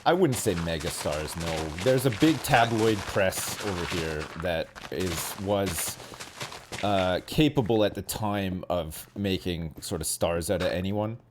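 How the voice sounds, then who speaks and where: A man's voice: deep voice, measured pace, noisy background. A man with a British accent chatting casually on a gaming stream, rambling and correcting himself as he explains. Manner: rambling, lively, self-correcting.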